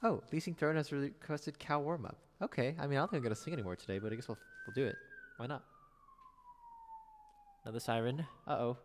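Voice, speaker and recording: A man streaming piano requests, chatting casually and wryly with his chat in a soft, drifting way. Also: quick pace, pauses often, in a large hall. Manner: chatty, wry, drifts soft and low between songs.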